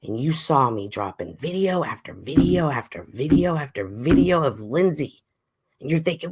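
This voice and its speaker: A chatty woman hosts a casual livestream and reads out her chat. Her voice carries a gravelly fry and sounds a little stuffy. She swings between loud exclaims and near-whispered asides. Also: sits low, sing-song, normal speed. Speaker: livestream host.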